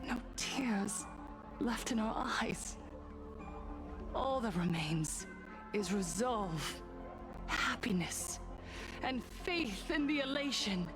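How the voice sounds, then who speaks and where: Game role: a solemn woman preacher, unhurried and steady. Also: a little high. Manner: calm, solemn, measured preaching. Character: serene female preacher rallying a crowd. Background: game music.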